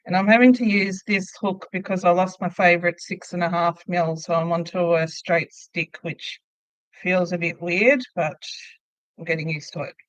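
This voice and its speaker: A woman's voice: lowish voice, fairly even intonation, normal speed, no room sound, rough recording. A middle-aged woman hosting a casual crochet livestream from home. She chats easily, laughs often and answers viewer comments aloud as she works. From Australia. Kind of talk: casual live chat while crocheting.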